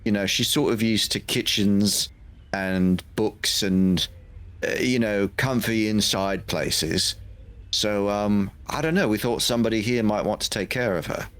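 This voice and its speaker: Polite, hesitant low-voiced man. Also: a little slow, a bit bright. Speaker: player. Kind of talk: tabletop role-play.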